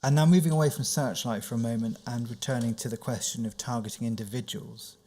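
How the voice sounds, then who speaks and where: A male counsel questions a witness at a formal hearing, speaking in a measured and careful way. He reads out document references and puts each question precisely. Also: medium pitch, steady tone, mellow. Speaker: inquiry counsel.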